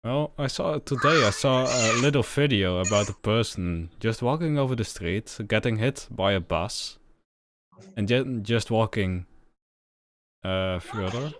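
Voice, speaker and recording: Deep-voiced young man, rambling. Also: a little slow, a bit bright, a little hiss or hum. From Netherlands, Friesland. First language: Frisian. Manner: rambling, filler-heavy, often laughing. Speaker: podcast host. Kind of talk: casual chat on a livestreamed podcast.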